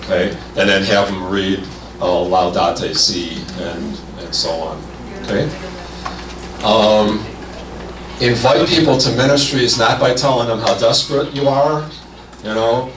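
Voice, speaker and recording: A man's voice: medium pitch, moderate pace, a bit bright, slight background noise. A man giving an upbeat, conversational keynote talk to a conference audience. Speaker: keynote speaker. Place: large conference hall. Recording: echoey hall, mic from a distance.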